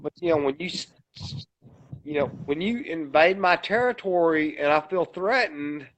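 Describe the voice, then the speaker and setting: A man's voice: fairly high pitch, expressive, normal speed, fairly bright tone. A man co-hosting a podcast, telling a long story at a rambling pace and swearing often. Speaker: podcast co-host. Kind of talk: casual podcast chat. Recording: dull lo-fi podcast audio.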